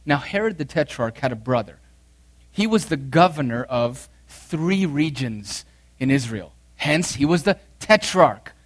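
A male pastor giving an earnest sermon, reading scripture aloud and repeating key phrases, his voice swinging from loud emphasis to hushed intensity. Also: medium pitch, expressive, a little slow.

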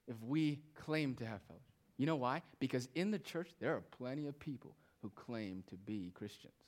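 A male pastor preaching a sermon, moving between loud, emphatic phrases and quiet, hushed asides. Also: mid-range voice.

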